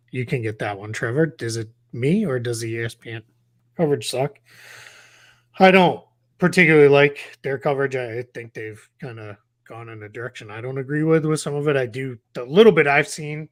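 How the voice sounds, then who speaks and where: A man's voice: mid-range voice, moderate pace. A man hosting a casual live stream, talking in a rambling way with many fillers and restarts. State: has the hiccups. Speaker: podcast host.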